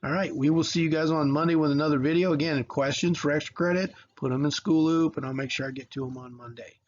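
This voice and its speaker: A man's voice: fairly high pitch, fairly even intonation, quick pace, muffled recording, a little hiss or hum. A man teaching a recorded history video lesson in a casual, rambling way with lots of fillers and restarts.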